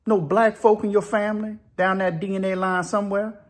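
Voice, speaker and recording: A man doing a teasing old convict, high and drawling. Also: little pitch movement, a little fast, natural voice.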